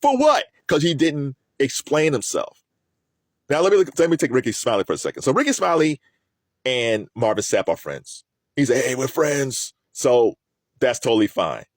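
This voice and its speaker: A man talks through his opinions in relaxed commentary, his pitch rising and falling a lot. He stumbles and repeats words as he goes. The sound is dry and close, with no room echo. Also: moderate pace. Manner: animated, repeats words while thinking. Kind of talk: casual commentary.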